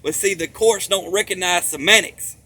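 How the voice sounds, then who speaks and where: A man's voice: high-pitched, moderate pace, sharp tone. A man talking in a rambling monologue, emphatic and profane, repeating himself for stress.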